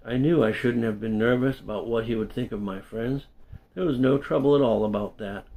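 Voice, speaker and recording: A middle-aged man reading his own memoir aloud in an unhurried, conversational way with small self-corrections. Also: on the low side, gravelly, dark tone. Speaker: storyteller and English teacher.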